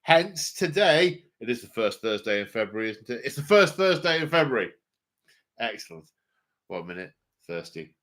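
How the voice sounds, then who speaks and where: An Englishman hosts a relaxed livestream about his hobby. He rambles with plenty of fillers and pokes fun at himself along the way. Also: mid-range voice, normal speed. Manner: rambling, self-mocking, many fillers. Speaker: hobby channel host. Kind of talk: casual livestream chat.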